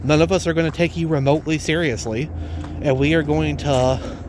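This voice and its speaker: A man with a somewhat high voice delivers a ranting vlog monologue. He talks bluntly and indignantly and hammers the same points again and again. A faint hiss of background noise sits under his voice. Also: fairly even intonation, fairly quick. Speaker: vlogger.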